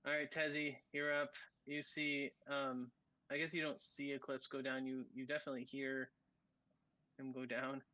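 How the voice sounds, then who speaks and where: A game master narrating a tabletop game in a halting way, with many ums and frequent laughs. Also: medium pitch, level tone, pushed and bright, no echo, highs cut off.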